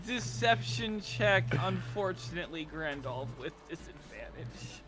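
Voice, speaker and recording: A man's voice: a little high, very animated, measured pace, music in the background. A man narrating as dungeon master in a laid-back, joking way, swearing casually. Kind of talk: narrating a tabletop game.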